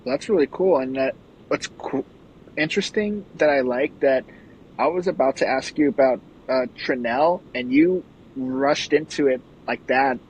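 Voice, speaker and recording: A man hosting a casual interview, reacting warmly and asking questions. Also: mid-range voice, slight background noise, rough recording. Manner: encouraging, quick reactions. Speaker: podcast host.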